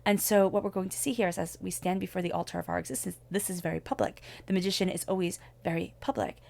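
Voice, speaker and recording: Woman doing a tarot reading, lowish voice with a lot of fry, earnest and thoughtful. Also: steady tone, quick pace, darkish tone. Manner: earnest, reflective spiritual guidance. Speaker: tarot reader.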